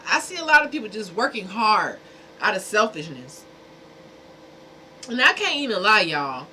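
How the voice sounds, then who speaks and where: Woman streamer, blunt and exasperated, casual talk to chat, mid pitch, noisy background. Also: sing-song, normal speed, long pauses, sharp tone. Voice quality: speaking from a dentist's perspective. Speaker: livestream host.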